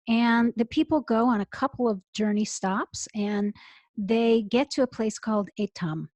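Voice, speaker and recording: A middle-aged woman rabbi, telling an expressive story as an interview guest over earphones on a call. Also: medium pitch, normal speed, no room sound. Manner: expressive, builds to emotional peaks. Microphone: earphones with mic.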